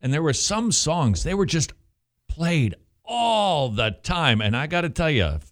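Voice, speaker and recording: A man's voice: on the high side, unhurried. A man hosting a Christian radio talk show, chatting casually and drifting into passionate preaching. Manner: animated, teasing, slips into sermon cadence.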